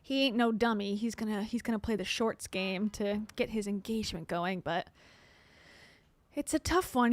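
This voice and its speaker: A woman's voice: mid-range voice, moderate pace, no room sound. A woman hosting casual reaction commentary, sarcastic and chatty, often laughing as she talks. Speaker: commentary channel host.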